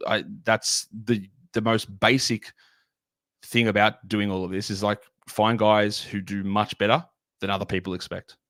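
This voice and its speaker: A man with a somewhat low voice, guesting on a casual podcast. He analyses fantasy basketball picks in loose, winding sentences full of restarts and "like". His voice sounds dry and close. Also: a bit bright, no room sound. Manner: rambling, self-correcting, lots of "like".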